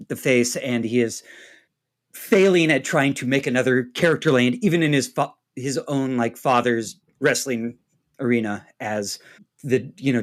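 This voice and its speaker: Male player, mid-pitched, reflective rambling narration. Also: a bit bright. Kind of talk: narrating a tabletop role-play scene.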